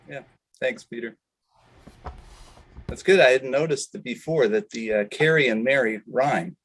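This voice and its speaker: A man's voice: medium pitch, fairly bright tone. Man co-hosting a video-call webinar. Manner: hesitant, frequent filler pauses. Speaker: webinar co-host. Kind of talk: casual online meeting chat and housekeeping announcements.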